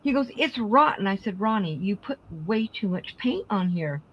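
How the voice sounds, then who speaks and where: A woman's voice: mid-range voice, animated, normal speed, dull audio. A middle-aged woman hosting a craft live stream, casually telling family stories and acting out the dialogue. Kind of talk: casual storytelling chat.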